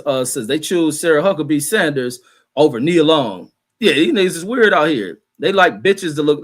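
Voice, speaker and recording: A man's voice: on the high side, a bit bright. A man hosting a stream, reading viewer comments aloud and ranting bluntly in casual, heated commentary. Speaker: livestream host reading chat.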